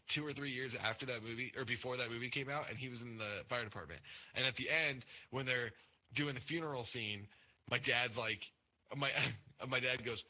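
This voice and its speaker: A young man hosting a podcast, telling stories in casual chat, swearing often and jumping up in pitch as he acts out other people. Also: muffled recording. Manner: swears a lot, animated storytelling with pitch jumps. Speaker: podcast host.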